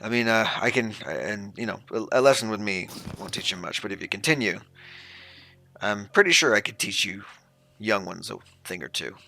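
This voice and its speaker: A man's voice: on the low side, animated, normal speed, vocal fry, bright, forceful tone, faint music behind, exaggerated voice. A man voicing a retired male ranger in his thirties who runs fight lessons, speaking in a plain, hesitant drawl. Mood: gruff.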